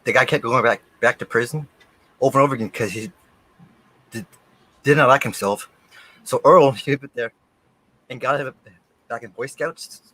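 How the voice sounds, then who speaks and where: A man co-hosting a podcast in casual chat, agreeable and quick with short remarks. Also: medium pitch, bright, forceful tone, rough recording. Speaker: podcast co-host.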